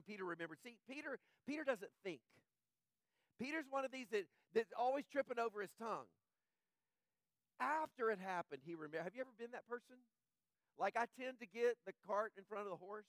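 A man with a high, light voice delivers a conversational sermon, often asking his listeners "right?" as he goes. He sinks soft and low when he dwells on sorrow. The sound is dry and close, with no room echo. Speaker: pastor.

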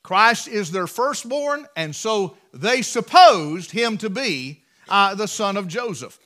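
A man with an Appalachian accent preaching a sermon from the pulpit in a folksy way, repeating words and building to loud, emphatic peaks. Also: sits high, animated, takes it slowly. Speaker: pastor. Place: church sanctuary.

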